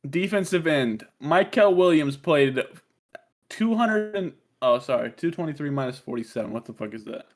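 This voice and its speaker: A man's voice: a little high, animated, moderate pace. A man co-hosting a casual sports podcast, teasing his partner and quizzing him on stats. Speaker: podcast co-host.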